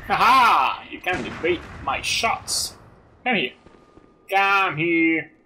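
Excitable high-pitched man gaming. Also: slow pace, slight background noise. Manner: excitable, loud outbursts and goofy exclamations. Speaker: gaming commentator. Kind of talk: let's play commentary.

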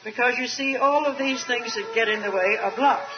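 High-voiced older woman preaching on old tape. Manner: earnest, slow emphatic stretches with light asides. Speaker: speaker at a Christian retreat. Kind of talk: sermon. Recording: dull archival tape recording.

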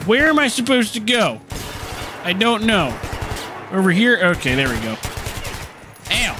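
A young man with a high voice commentates his own gameplay in a casual let's-play for his gaming channel, cursing, joking and reacting excitably. He speaks at a measured pace with frequent pauses, and there's background noise.

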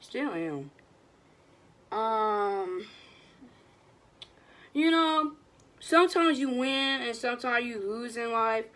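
A young woman, telling a storytime vlog in a slangy, animated, casual way and quoting what people said. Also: fairly high pitch, slow, long pauses. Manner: animated, slangy retelling with quoted voices. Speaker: vlogger.

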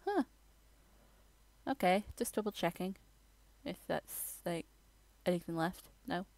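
Low gravelly woman narrating a game tour. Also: expressive, a little mellow, no echo. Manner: rambling, halting, with fillers and restarts. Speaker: gamer giving a tour. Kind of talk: casual game voiceover.

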